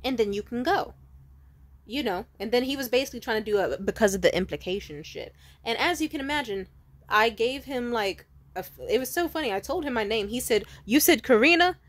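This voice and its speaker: A young woman speaks in a casual, candid vlog monologue. She is blunt and swears freely. Her level swings from loud, emphatic bursts to low, dry asides. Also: lively intonation, quick pace. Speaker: vlogger.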